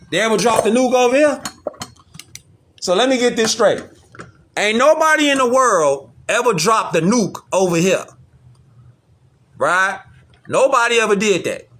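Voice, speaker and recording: A man's voice: high-pitched, pushed and bright. A man giving a casual, slangy streetwise monologue, repeating himself and firing off rhetorical questions. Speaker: online commentator.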